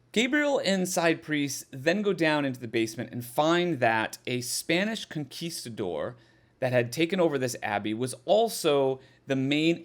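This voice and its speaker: A man giving a casual, sarcastic spoken review of a horror film, swearing freely and sounding exasperated. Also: on the high side.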